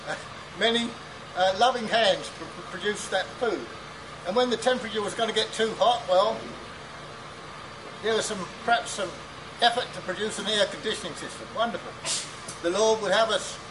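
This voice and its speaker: Man giving a sermon, high voice, stops and starts a lot, noisy hall recording. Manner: halting, with fillers and restarts. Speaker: preacher. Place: conference hall.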